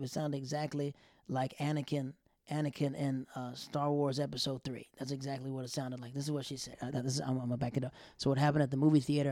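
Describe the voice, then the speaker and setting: A man's voice: mid-range voice, dry recording, studio quality. A man telling a story in casual, rambling talk, acting out what people said. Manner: rambling, animated, acts out quotes.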